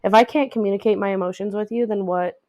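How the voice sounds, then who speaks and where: A woman's voice: mid-range voice, steady tone, fast talker, muffled recording, a crowd in the background. A young woman co-hosting a casual chat podcast, frank and blunt, swearing freely as she talks. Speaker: podcast co-host.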